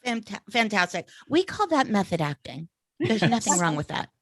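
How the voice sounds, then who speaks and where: Woman podcast host, enthusiastic and encouraging, very lively intonation, dry close sound. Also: mid-range voice, no room sound. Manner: enthusiastic, encouraging, quick reactions. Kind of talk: casual interview.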